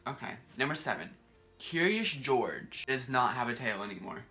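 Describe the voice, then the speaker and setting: Young male vlogger, bright tone, animated and exasperated, rambling, faint music under the voice. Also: mid-range voice, normal speed. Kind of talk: casual vlog countdown.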